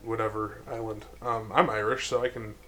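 A man's voice: fairly low pitch, level tone, moderate pace, a crowd in the background. Chatty male podcast co-host. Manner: chatty, rambling, laughs often. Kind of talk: casual chat.

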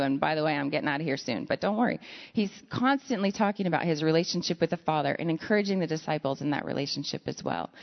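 A woman preaching a conversational sermon, telling stories with self-deprecating asides. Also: fairly low pitch. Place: church sanctuary. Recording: lo-fi sound in a reverberant hall.

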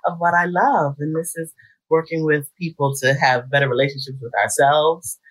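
A middle-aged woman guesting on a radio talk show, her voice low and husky. She talks warmly and with real enthusiasm about her work. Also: normal speed. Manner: warm, enthusiastic, expressive talker. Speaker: psychologist guest.

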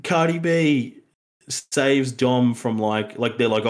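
A man's voice: medium pitch, slow. A man with an Australian accent co-hosting a podcast, rambling through a casual film review, laughing and acting out lines from the film. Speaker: podcast co-host.

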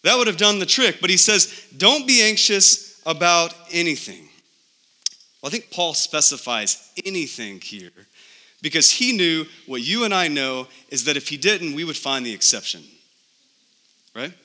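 A man's voice: on the high side, expressive, normal speed, sharp tone. A man preaching a sermon as a pastor, emphatic and full of rhetorical questions. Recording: long reverb of a large hall.

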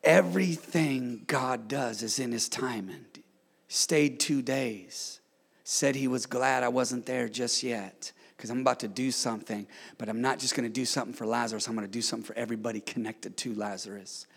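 A middle-aged man preaching a sermon as pastor, swinging from hushed tones to shouted calls for the congregation to answer. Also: medium pitch, normal speed, vocal fry, husky, big-room sound. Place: church sanctuary.

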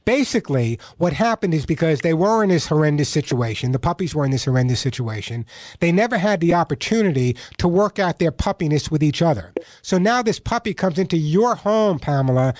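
A man hosts a call-in pet advice radio show, coaching callers in an emphatic way and repeating his key points. His voice sits high, and the studio sound is close and dry. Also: lively intonation, a little fast, darkish tone, dry recording. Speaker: radio pet show host and dog trainer.

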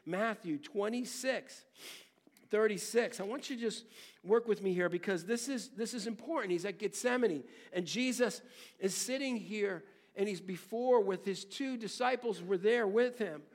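Man, pastor, sermon, earnest conversational preaching, high voice, gravelly fry. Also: normal speed.

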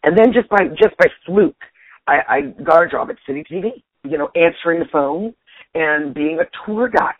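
A husky woman in her forties, a stand-up comedian nearly losing her voice, talking in an animated, casual way and restarting her sentences. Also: deep voice, normal speed, dry recording. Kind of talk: casual interview chat. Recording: tinny dry phone line.

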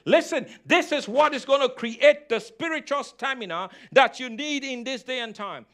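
High, bright-voiced preacher man. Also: moderate pace, few pauses. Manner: call-and-response preaching, repeats phrases. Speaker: pastor. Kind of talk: sermon.

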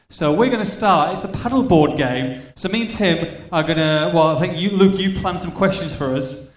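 A man's voice: on the high side, moderate pace, few pauses. A man hosting a live stage event, introducing a game with upbeat patter. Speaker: event host. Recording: echoey room, voice from far off.

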